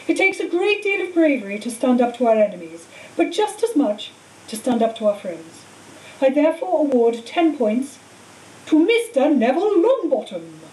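A woman's voice: high voice, very animated, moderate pace, darkish tone. A woman voicing a wise, kindly old male headmaster wizard in a storybook reading, recorded from a distance in an echoey room. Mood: proud, announcing. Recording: echoey room, far mic, faint hiss.

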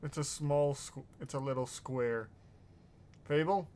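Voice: medium pitch, fairly even intonation, a little slow, mellow. A streamer reacting to a video in casual commentary, often incredulous and exclaiming.

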